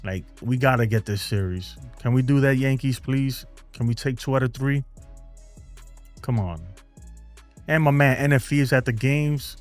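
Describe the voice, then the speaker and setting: Faint music sits behind this man, who hosts a laid-back baseball fan stream from home and reads out viewer comments as he goes. He speaks in a mid-range voice at a moderate pace, laughing often and dropping "man" and "bro" again and again.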